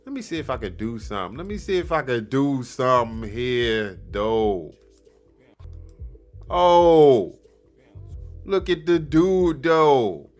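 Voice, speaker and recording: Slow, slangy man riffing on a clip. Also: mid-range voice, faint music behind. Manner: slangy, animated, mocking, laughs often. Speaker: podcast host reacting to a clip. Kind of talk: casual commentary over replayed clip.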